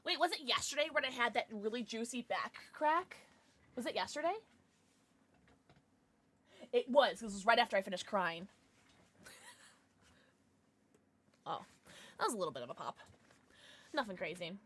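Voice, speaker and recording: A young woman livestreams a game from her home setup, chattering away to her viewers. Her voice sits a little high and sounds bright and crisp, with a lively, swooping delivery. She bursts into sharp shrieks whenever something startles her, then slides back into easygoing, apologetic chatter. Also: normal speed, pauses often. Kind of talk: live gameplay commentary chatting with viewers.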